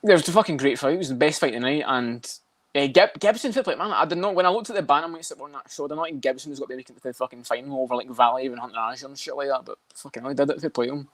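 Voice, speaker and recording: Guy talking super fast about fights, cursing a lot, dry sound. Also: mid-range voice, no room sound. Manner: rapid, swears a lot, blunt. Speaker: podcast co-host. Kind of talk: casual chat about fights.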